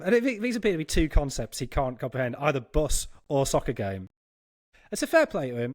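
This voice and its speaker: A man's voice: fairly high pitch, a little fast, no room sound, studio quality. A man on a football podcast, telling a long funny anecdote and laughing as he goes. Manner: animated, laughing as he tells a story. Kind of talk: anecdotal storytelling.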